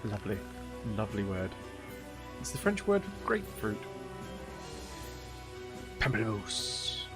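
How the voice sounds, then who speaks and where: A man's voice: on the low side, sing-song, normal speed, music in the background. A man streaming a game, chatting casually and rambling with jokes as he plays. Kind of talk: casual gameplay commentary.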